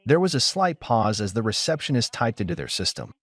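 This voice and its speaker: A man narrating a first-person story in a steady, measured way. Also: medium pitch, no room sound.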